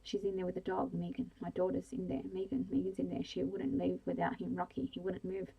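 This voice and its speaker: Lady whispering a desperate mum in a bedtime story, breathy and raspy, low and gravelly. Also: monotone, a little fast, highs cut off. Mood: pleading. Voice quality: soft, breathy, unvoiced. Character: panicking young mother, desperate for her trapped child. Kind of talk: whispered role-play.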